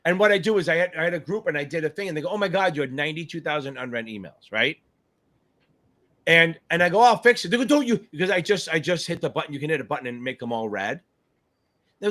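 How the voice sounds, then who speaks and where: A fairly high-voiced man hosts a casual live Q&A stream for exam takers. His pitch swings widely as he cheers viewers on, swears freely and jumps between comments while thinking aloud. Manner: animated, profane, hypes up viewers. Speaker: exam tutor hosting a live Q&A. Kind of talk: casual livestream chat.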